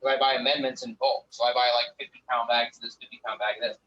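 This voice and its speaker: A guest on a casual livestream, this grower curses his way through a rambling talk about growing, full of numbers and stories. His medium-pitched voice stays level, quick and pushed bright, from a distant lo-fi mic with faint noise.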